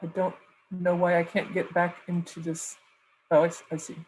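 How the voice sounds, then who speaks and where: A woman's voice: fairly low pitch, completely flat delivery, moderate pace, a little mellow, a little hiss or hum, low-quality recording. A woman professor giving a mock lecture over a video call, loose and conversational, thinking aloud.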